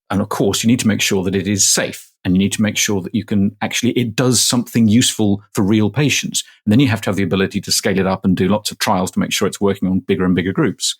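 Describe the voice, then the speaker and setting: A man's voice: on the low side, steady tone, fast, hardly any pauses, husky. A middle-aged man, a professor, answering interview questions casually and explaining step by step with everyday examples. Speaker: guest, manufacturing professor.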